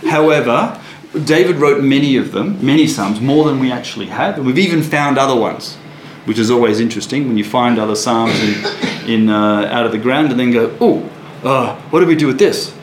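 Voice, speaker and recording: A man's voice: medium pitch, fairly quick. A man leading a casual Bible study, chatty and laughing, often restarting his sentences. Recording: echoey room with faint noise.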